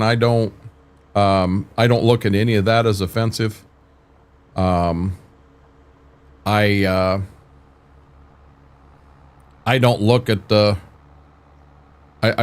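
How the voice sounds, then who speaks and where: An older man hosting a livestream, chatting casually with viewers in a rambling way, restarting sentences often and cursing mildly. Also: lowish voice. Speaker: livestream host. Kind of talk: casual chat while streaming a farming game.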